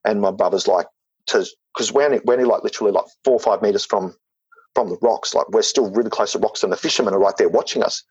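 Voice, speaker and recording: A man's voice: on the low side, quick pace, darkish tone, husky, no room sound, highs cut off. A man telling a story in casual talk, rambling with lots of fillers and restarts. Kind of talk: casual spoken anecdote.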